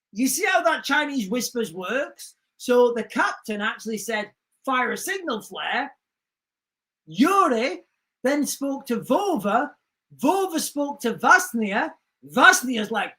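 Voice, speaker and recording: A man hosting a live stream, rambling and animated as he talks to his viewers. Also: very high-pitched, slow pace. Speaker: livestream host.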